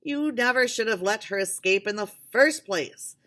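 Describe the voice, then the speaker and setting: A woman's voice: medium pitch, moderate pace, a bit bright, voice pushed up, close to an everyday voice. A woman voicing a reproachful male member of a secret board.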